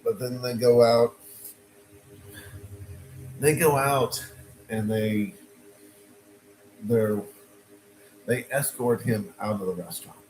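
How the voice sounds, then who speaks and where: A man telling a story in a casual, animated way, often repeating phrases and restarting sentences. His voice sits in an ordinary middle pitch. A faint hum of noise runs underneath. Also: takes it slowly, long pauses, poor audio.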